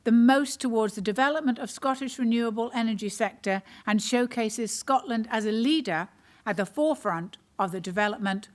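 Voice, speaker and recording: A woman's voice: fairly high pitch, fairly quick. A woman comedian hosting an online awards ceremony, telling self-mocking stories with dry humour before reading out nominees. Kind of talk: stand-up anecdote and award hosting.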